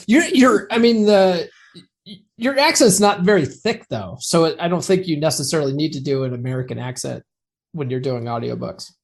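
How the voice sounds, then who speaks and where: A man's voice: fairly high pitch, lively intonation, normal speed, creaky. A man hosting a podcast interview, chatting in an easygoing way and laughing often. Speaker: podcast host. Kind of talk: casual interview chat.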